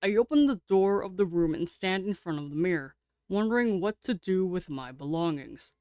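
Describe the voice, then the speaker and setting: A woman streamer reading a game aloud and chatting with her viewers, excitable and casually swearing. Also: fairly low pitch, normal speed, no echo, studio quality.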